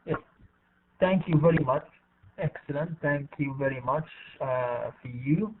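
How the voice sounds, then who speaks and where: This is a fairly high-voiced man, running an online English class and patiently repeating names and words. His voice comes through a tinny, phone-like call line. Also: unhurried, husky, far from the mic. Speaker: English teacher. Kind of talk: online class, calling on students. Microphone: online video call.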